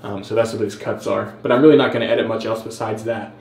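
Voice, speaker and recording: A man's voice: fairly low pitch, fairly even intonation, fast talker, vocal fry, darkish tone. A man hosting a casual vlog, rambling and self-deprecating while he trims his beard. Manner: rambling, self-deprecating, lots of fillers and restarts. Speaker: host. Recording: roomy echo.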